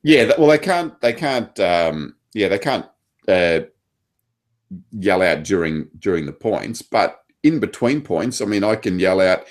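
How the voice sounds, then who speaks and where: A man's voice: on the low side, lively intonation, unhurried. An Australian man, a table tennis coach, chatting casually with many fillers and restarts. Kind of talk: casual chat.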